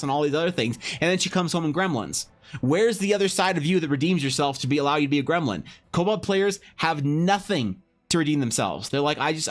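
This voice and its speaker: A man chatting casually to his live audience as he draws, rambling and swearing. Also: on the high side. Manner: loose, rambling, profane banter. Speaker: livestreaming artist. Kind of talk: casual stream chat while drawing.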